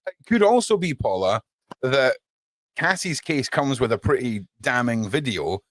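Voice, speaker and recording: A man hosts a live call-in chat, joking and handing out roles to his panel. His pitch swings widely as he talks. The sound is dry and close. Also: a little slow, dry recording. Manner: jokey, animated, runs the panel. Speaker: show host.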